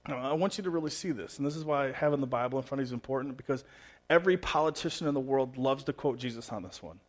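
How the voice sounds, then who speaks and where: A man, a pastor, preaching a sermon in a conversational, expressive way, dropping to a hush and then rising to loud emphasis. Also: medium pitch, fast. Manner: swings between hushed and loud emphasis.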